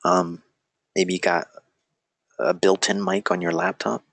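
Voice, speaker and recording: A man's voice: low voice, little pitch movement, measured pace, gravelly, a bit bright, dry recording. A man teaching an online class in a casual, rambling way, stumbling over restarts, joking about himself and drifting off topic. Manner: rambling, self-deprecating, frequent restarts and digressions. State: feeling a little weak. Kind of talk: casual live lecture.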